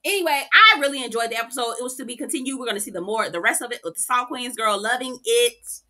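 Woman host, sassy recap, high and bright. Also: quick pace. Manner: sassy, profane, animated. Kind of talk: casual reality-TV recap.

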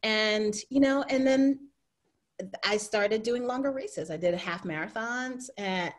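A middle-aged woman telling her story as a guest in a casual interview, lively and laughing often as she acts out what people said. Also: mid-range voice, measured pace. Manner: animated, laughs often, acts out quoted voices.

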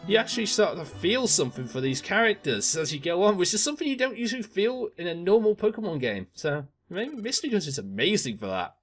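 A man's voice: sits high, big pitch swings, fast, hardly any pauses, faint music behind. A man hosting a let's play, commenting on the game in an earnest, reflective way.

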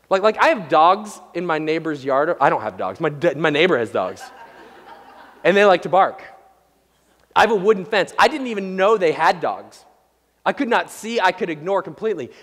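A man's voice: sits high, a bit bright. A man preaching a sermon as the pastor, conversational and joking, with frequent restarts and stammers. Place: church sanctuary. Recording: long hall reverb.

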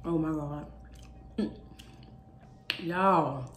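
Sassy young black-woman vlogger, lowish voice, roomy echo. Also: very slow. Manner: sassy, emphatic, talks to viewers directly. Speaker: mukbang vlogger. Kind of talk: casual chat to camera. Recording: echoey room with faint noise.

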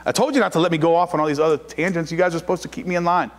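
A pastor preaching in a high, light male voice, his words ringing out in a long hall reverb. He hammers home points through repetition and rises to loud cries, then slows down to read scripture with deliberate weight. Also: steady tone. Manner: preaching with rising shouted emphasis and repetition; reads scripture slowly and deliberately. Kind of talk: sermon.

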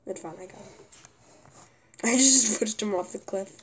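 A young woman commenting on her own gameplay, often exasperated and yelling at a teammate. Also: medium pitch, a little slow, a little hiss or hum. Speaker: gaming youtuber.

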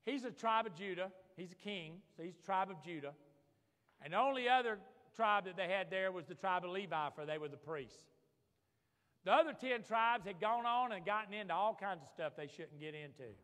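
A man's voice: sits high, lively intonation, normal speed, fairly bright tone. A man preaching a sermon as pastor, fervent, calling out for amens from the congregation. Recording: long reverb of a large hall.

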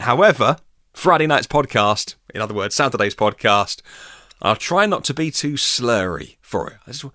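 A man's voice: medium pitch, fairly bright tone, no room sound, studio quality. A man hosting a solo news podcast, chatty and self-deprecating with rambling asides. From United Kingdom. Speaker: podcast host.

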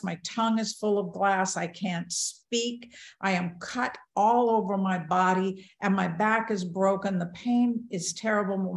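Older woman telling a vivid personal story. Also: medium pitch. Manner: vivid first-person storytelling, acting out her own thoughts. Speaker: near-death experience speaker. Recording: roomy echo.

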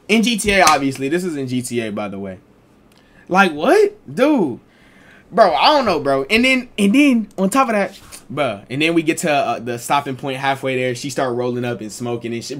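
A young adult man streamer telling a casual storytime, animated, slangy and profane. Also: a little high, brisk.

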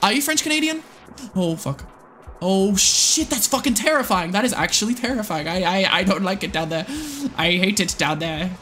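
A woman from the United States streaming a game live, excitable and swearing often, muttering under her breath and then breaking into squealing shrieks. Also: medium pitch, moderate pace. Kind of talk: live gameplay commentary.

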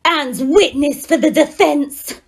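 A woman performing a comedy parody sketch, switching quickly between exaggerated characters. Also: high-pitched, creaky. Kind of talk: parody sketch acting many roles.

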